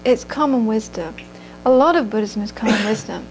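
Over a rough recording with a little hiss or hum, a Buddhist teacher addresses a live audience. Her darkish voice is on the high side and moves at a normal speed; she is earnest, leans on repeated phrases for emphasis, and laughs during her stories.

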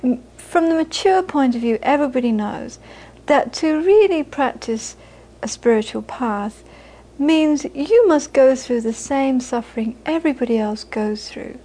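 A woman's voice: sits high, lively intonation, a little slow, few pauses, warm tone, poor audio. A woman giving a live Buddhist talk to an audience, earnest and repeating phrases for emphasis. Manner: earnest, repeats phrases for emphasis, laughs while telling stories. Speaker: Buddhist teacher.

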